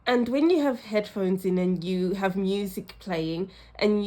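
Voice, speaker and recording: A woman's voice: medium pitch, unhurried, few pauses. A woman giving a pick-a-card tarot reading, speaking emotionally and effusively straight to her viewers. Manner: effusive and emotional, often laughing and sighing; talks straight to the viewer, warm and reassuring. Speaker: tarot reader.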